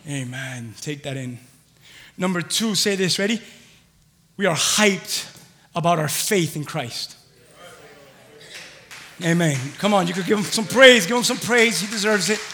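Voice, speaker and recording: Man preaching, excitable, very high bright voice, long hall reverb. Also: a little slow, long pauses, a little hiss or hum. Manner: excitable, swings from quiet to shouting. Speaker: pastor. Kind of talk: sermon.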